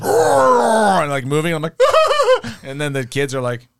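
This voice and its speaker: A man's voice: on the high side, wildly swooping pitch, moderate pace, very noisy. A man co-hosting a casual podcast chat, laughing as he tells a story.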